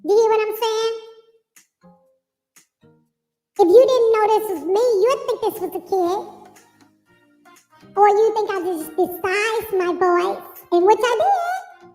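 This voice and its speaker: A tiny child's voice. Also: female voice, very high-pitched, expressive, slow pace, pauses often, darkish tone, voice pushed up, exaggerated voice. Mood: demonstrating. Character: small child, a woman faking a kid's voice. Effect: voice changer. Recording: roomy echo with faint music behind.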